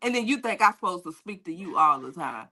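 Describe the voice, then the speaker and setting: Low-voiced woman in casual chat. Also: fairly quick. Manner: relaxed, affirming, full of fillers. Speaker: podcast co-host.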